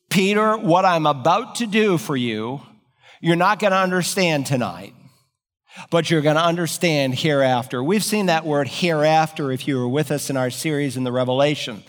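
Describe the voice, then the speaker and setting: A man's voice: fairly high pitch, normal speed, in a large hall. A man preaching an expository sermon, explaining Greek word order and building to emphatic peaks. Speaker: pastor.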